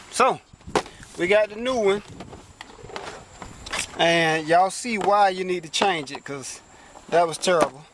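A chatty man, pitched high for a man, walks viewers through a repair from inside a parked car, exclaiming as he goes. His camera sits close while he works, with a faint hiss behind him. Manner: chatty, exclaims often, talks straight to viewers. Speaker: vlogger. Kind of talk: casual how-to car repair vlog.

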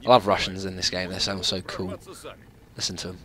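A young man talks through his gameplay in a casual, rambling way. His voice has a bright, forward edge, and he apologizes often while reacting loudly to the game. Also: low-pitched, monotone, a little fast. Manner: chatty, apologetic, laughs and yelps at the game. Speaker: gaming channel host.

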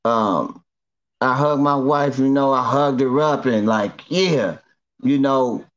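A middle-aged man from Northern California tells his testimony in a loose, slangy, repetitive way, circling back and restarting lines as he goes. His voice sits at an ordinary middle pitch. The recording sounds a little dull and lo-fi. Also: slow pace. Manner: repetitive, slangy storyteller who restarts often. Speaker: guest giving a testimony. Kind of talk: emotional first-person storytelling.

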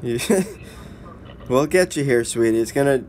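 A man's voice: medium pitch, animated, measured pace, a little mellow, a little hiss or hum. A man talking on the phone to his goddaughter, blunt and pushy with her yet tender, calling her sweetie. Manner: blunt, scolding then tender. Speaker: godfather on the phone. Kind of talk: phone call.

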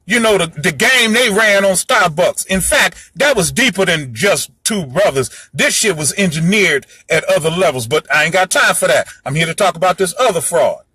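A man's voice: high-pitched, expressive, normal speed, few pauses, bright, forceful tone, slightly rough, no echo. A man giving a heated solo monologue to his audience, ranting in a fiery, profane, preachy way. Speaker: host lecturing his audience.

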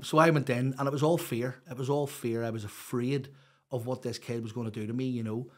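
A middle-aged Northern Irish man tells his stories in a loose, rambling way. He is blunt, swears freely and fills his talk with fillers. His voice sits at an ordinary middle pitch. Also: steady tone, a little fast. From Northern Ireland. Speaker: guest. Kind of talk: casual storytelling chat.

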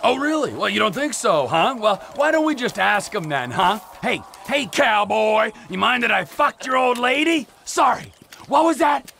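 An actor voicing a volatile, foul-mouthed, unhinged middle-aged criminal man in video game cutscene dialogue, swinging between snarling shouts and mocking hushed taunts. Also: very high voice, big pitch swings, moderate pace, gravelly, slight background noise, full character voice. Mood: taunting.

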